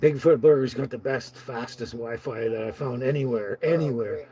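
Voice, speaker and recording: A man's voice: medium pitch, normal speed, warm tone, low-quality recording. A man hosting a casual live stream from inside his camper, rambling, laughing often and greeting viewers by name.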